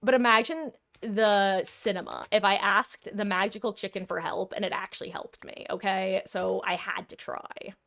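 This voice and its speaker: A woman's voice: mid-range voice, steady tone, normal speed, creaky, hardly any pauses, fairly bright tone. A woman streaming a video game, chatting casually with her viewers in a dramatic, talkative way as she plays. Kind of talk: casual gameplay commentary.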